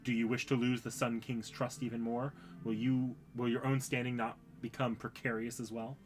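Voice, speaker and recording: An earnest, loyal young knight from a game, read by a man. He talks in a calm, formal manner at an ordinary middle pitch. Faint music plays in the background. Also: normal speed, close to an everyday voice. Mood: firm.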